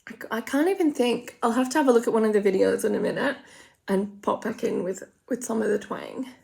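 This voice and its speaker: A woman's voice: fairly high pitch, a little fast, vocal fry, darkish tone. An Australian woman chatting casually and rambling through a makeup tutorial, full of gossipy asides. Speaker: makeup vlogger.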